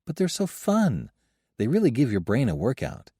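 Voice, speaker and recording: A man's voice: medium pitch, huge pitch swings, normal speed, dark tone, husky, dry recording, studio quality, voice pushed up. A man voicing a young woman adventurer who solves puzzles, teasing but nervous under pressure.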